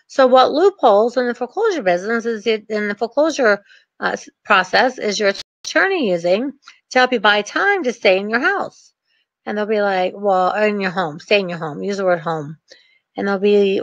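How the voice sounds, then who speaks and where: A woman's voice: fairly high pitch, animated, moderate pace, fairly bright tone, no room sound. A woman coaching real estate investors in a chatty, ranting way with sarcastic asides. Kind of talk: energetic coaching talk. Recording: dull, dry lo-fi recording.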